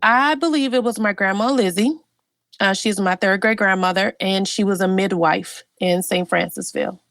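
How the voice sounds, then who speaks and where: Brief: middle-aged woman, lively heartfelt storyteller, dry close sound. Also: mid-range voice, normal speed, dry recording, faint music behind. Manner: animated, heartfelt, with frequent fillers. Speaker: guest genealogist. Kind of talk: personal storytelling.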